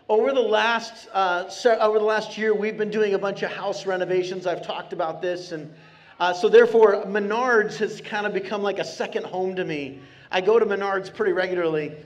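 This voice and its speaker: Pastor guy with a pretty high voice, earnest and chatty, preaching from the pulpit. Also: lo-fi sound. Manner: earnest, conversational, with emphatic slow phrasing. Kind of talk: sermon. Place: church sanctuary.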